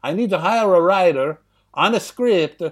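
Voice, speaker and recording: A man in his sixties puts on a brash older Italian film mogul with a thick, over-the-top Italian accent, pitched up above his own voice. The mogul talks in loud, pushy broken English with a lot of swing in the pitch. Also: animated, normal speed. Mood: pushy, insistent. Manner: booming, broken-English phone voice.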